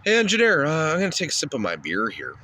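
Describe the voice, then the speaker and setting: Lively crude ranting man. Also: fairly high pitch, fast, a little hiss or hum. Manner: crude ranting with lots of insults. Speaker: comedy show host. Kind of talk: shock-humour rant.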